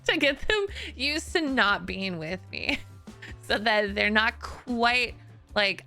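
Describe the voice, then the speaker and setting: A woman's voice: mid-range voice, lively intonation, takes it slowly, long pauses, sharp tone, soft background music. A woman streamer telling stories in a casual chat, leaning on "like" as she talks and laughing often. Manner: chatty and storytelling, laughs often, many "like" fillers.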